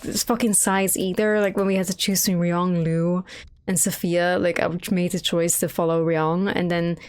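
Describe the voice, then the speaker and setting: A woman's voice: on the low side, little pitch movement, normal speed, darkish tone, clean tone. A young woman giving casual, profane commentary while playing a video game, rambling and incredulous. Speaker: game streamer.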